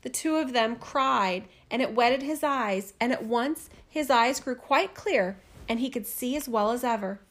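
A woman with a somewhat high voice reads a fairy tale aloud, measured and expressive. She carries the story steadily from scene to scene.

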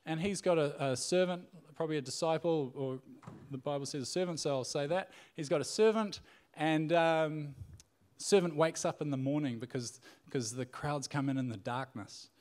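A preacher with a fairly high, darkish-toned voice speaks at a moderate pace in a casual sermon. He retells a Bible story conversationally, often using fillers and restarting his sentences.

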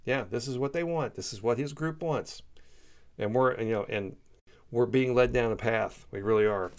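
A man's voice: mid-range voice, moderate pace, darkish tone. A man giving heated, emphatic political commentary, often repeating himself for emphasis. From United States. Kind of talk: opinionated solo commentary.

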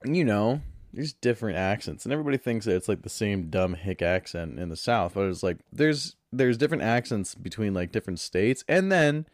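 A man's voice: fairly low pitch, lively intonation, fairly quick, no echo, clean studio sound. A man from Florida hosting a solo podcast, laid back, rambling and crude in his chat. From Pensacola, Florida. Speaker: podcast host.

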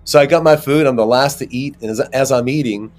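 A man being interviewed as an actor, telling rambling, animated anecdotes with many fillers. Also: mid-range voice, fairly quick, faint music behind. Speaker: actor guest. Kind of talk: casual interview storytelling.

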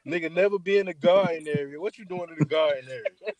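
High-voiced young man joking around. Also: quick pace, dull audio, crowd noise. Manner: animated joking banter. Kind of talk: casual chat.

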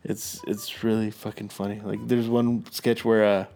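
A man's voice: fairly low pitch, level tone, normal speed, gravelly, mellow. A young man chatting casually as a podcast co-host, rambling, swearing and laughing through his stories. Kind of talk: casual chat.

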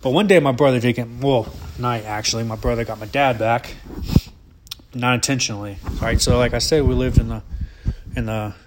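A man's voice: medium pitch, steady tone, brisk, noisy background. A young man from Alabama, telling a family story casually in a rambling, profane, often laughing way. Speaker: vlogger.

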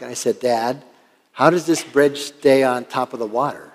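A man's voice: mid-range voice, brisk, in a large hall. An older man, a pastor from Washington State, preaching a sermon and telling a story in an earnest, conversational way. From Washington State, USA.

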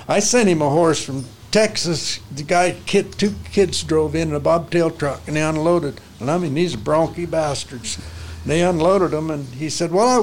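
A man's voice: a little high, darkish tone, a little hiss or hum. An older man, a horse trainer, telling folksy stories in casual conversation with salty ranch talk. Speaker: interview guest, horse trainer.

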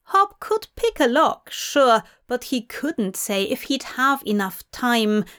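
A woman narrating a fan fiction story aloud in a deliberate reading manner. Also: a little high, very animated, a bit bright, clear, resonant tone. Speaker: fanfiction reader.

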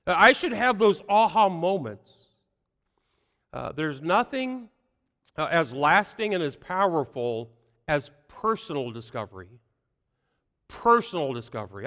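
A man preaching a sermon in an earnest tone, repeating key phrases and filling pauses with "uh". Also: sits high, a bit bright, big-room sound. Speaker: pastor.

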